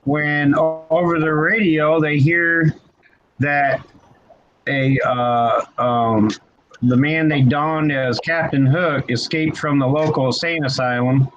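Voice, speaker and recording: Slow, halting man telling a spooky tale. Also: fairly high pitch, steady tone. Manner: halting, drawn-out delivery with many ums. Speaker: livestream guest. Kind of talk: improvised spooky storytelling. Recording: dull lo-fi stream audio with faint hiss.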